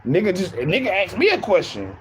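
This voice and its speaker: A man's voice: high-pitched, huge pitch swings, brisk, slight background noise. A young man chatting casually on his livestream, rambling, repeating himself and laughing often.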